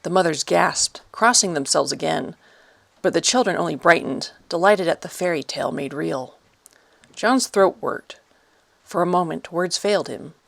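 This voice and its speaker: Gravelly storybook narrator. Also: mid-range voice, normal speed, fairly bright tone, no room sound. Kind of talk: scripted audiobook narration.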